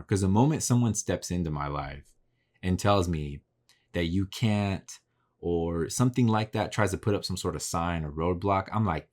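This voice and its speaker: A man's voice: low voice, normal speed, a little mellow. A man hosting his own podcast, talking casually and candidly about his work, swearing freely as he reflects on himself. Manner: candid, profane, self-reflective. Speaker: podcast host. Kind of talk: casual solo podcast monologue. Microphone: podcast mic facing camera.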